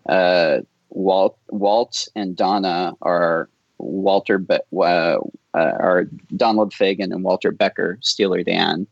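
A man guesting on a podcast, talking in a relaxed, rambling way and laughing often. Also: sits low, slow pace, gravelly, no echo, muffled recording. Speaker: film director guest. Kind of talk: casual podcast interview.

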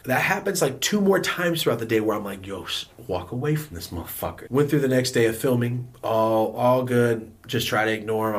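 A young man tells a story straight to camera in a somewhat low voice, swearing freely as he goes. He jumps between hushed asides and loud outbursts. He talks like he is chatting with friends. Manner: profane, animated storytelling with outbursts. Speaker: vlogger.

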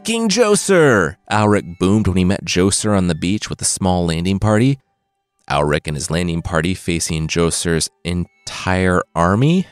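A man's voice: sits low, normal speed, soft background music. A man telling a saga as a comedic retelling, with wry, sarcastic asides. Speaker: storyteller host.

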